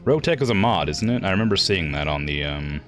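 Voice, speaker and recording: A man's voice: low-pitched, animated, fast talker, a bit bright, faint music behind. A young man streaming a video game, chatting casually, thinking aloud and chuckling as he plays. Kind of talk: casual gameplay chat.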